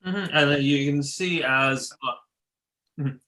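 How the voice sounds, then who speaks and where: Bright-voiced playful man. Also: mid-range voice, measured pace. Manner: playful, stumbling and restarting mid-sentence. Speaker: podcast co-host. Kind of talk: casual chat.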